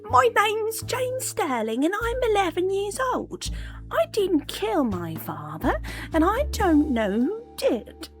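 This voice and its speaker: A timid eleven-year-old boy with a put-on British accent, voiced by a woman, squeaky and very high, slow and unsure. The voice sounds odd and unlike the speaker's usual tone. Faint music sits underneath. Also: huge pitch swings, exaggerated voice. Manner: small, childish and hesitant.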